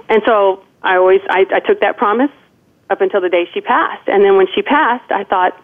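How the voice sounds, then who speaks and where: A woman's voice: medium pitch, moderate pace. A woman in her forties, calling in as a guest, telling a personal story earnestly, with frequent restarts and "you know". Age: 40s. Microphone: phone call. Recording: tinny phone line.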